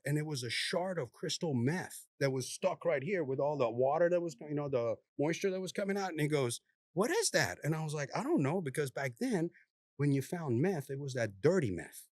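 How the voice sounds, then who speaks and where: Animated former cop telling stories. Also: male voice, a little high, no echo, clean studio sound. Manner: animated, laughing, swears freely. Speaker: former narcotics task force officer. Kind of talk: casual storytelling.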